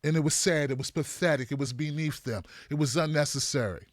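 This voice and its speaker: A man hosting an online political commentary show, animated and mocking as he runs down debate performances. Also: a little high, a little fast, no echo, clean studio sound.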